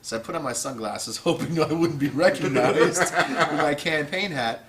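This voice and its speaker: A man's voice: fairly high pitch, normal speed, noisy background. A man telling a funny story to a live audience, laughing and acting out the quotes. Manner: animated, laughing, acts out quotes. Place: stage before a live audience. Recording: loud audience laughter behind.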